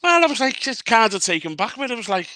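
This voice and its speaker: Bright-voiced storyteller. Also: male voice, very high voice, sing-song, quick pace, dry recording. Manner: storytelling, sentimental, laughs often. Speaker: podcast co-host. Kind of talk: casual chat.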